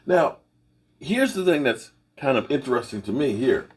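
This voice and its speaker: A middle-aged man hosting his own sports channel, giving folksy, opinionated commentary in a rambling, casual way with a husky voice. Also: mid-range voice, big pitch swings, normal speed.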